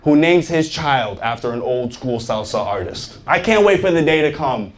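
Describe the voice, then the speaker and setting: A man doing a stand-up comedy set on stage, animated and joking, often laughing at his own lines. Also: medium pitch, normal speed. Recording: noisy live stand-up recording.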